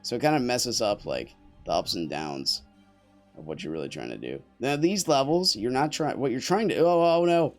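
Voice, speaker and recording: A man's voice: lowish voice, huge pitch swings, normal speed, soft background music. A young man chatting casually to his stream while playing, rambling and joking with viewers and teammates. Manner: rambling, jokey, talks to chat and teammates. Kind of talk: casual gameplay commentary.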